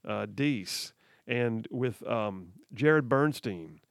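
A man's voice: medium pitch, expressive, drawn-out words, no room sound, studio quality. A man hosting political talk radio, reading headlines aloud and mocking them with frequent laughs. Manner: sarcastic, laughs often, reads headlines aloud. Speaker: radio talk show host.

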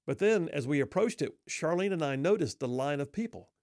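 A man's voice: on the high side, lively intonation, brisk, darkish tone, no room sound, clean studio sound. A middle-aged man telling a humorous personal story in a wry, self-deprecating, folksy way.

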